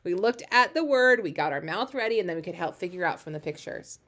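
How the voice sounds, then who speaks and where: A woman teaching a phonics lesson to young children, encouraging and animated, slowing down to read sentences aloud. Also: fairly low pitch. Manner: encouraging, animated, slow when reading aloud.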